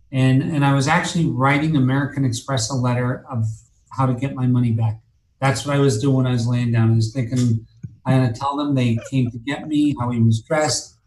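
A man spins a long personal tale as a guest, swearing freely and circling back with "uh" and "and, and" as he goes. His mid-pitched voice carries a roomy echo, as if the room around him is bare. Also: darkish tone. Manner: rambling, profane, many fillers and restarts. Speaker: interview guest. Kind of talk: casual storytelling.

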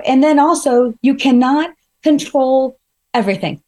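High-voiced woman reflecting earnestly. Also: moderate pace, darkish tone. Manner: earnest, self-questioning, frequent "like". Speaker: keynote speaker. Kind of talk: reflective personal talk.

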